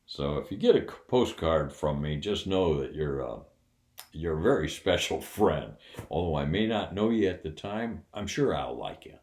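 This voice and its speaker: Deep-voiced older man telling a story. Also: normal speed, echoey room. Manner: animated, acts out the voices of the people in the story; folksy, laughs while telling. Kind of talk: casual storytelling.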